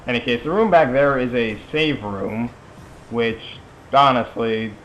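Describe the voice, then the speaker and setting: A young man with a mid-range, fairly bright voice gives casual, rambling let's play commentary over a video game at a measured pace. His talk is full of chatty asides and fillers, with slight background noise in the recording.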